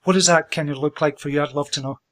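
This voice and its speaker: A man's voice: a little high, fairly even intonation. A man hosting an interview, enthusiastic and encouraging as he asks his guest questions. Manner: enthusiastic, encouraging, quick to praise. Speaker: interview host. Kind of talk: conversational interview.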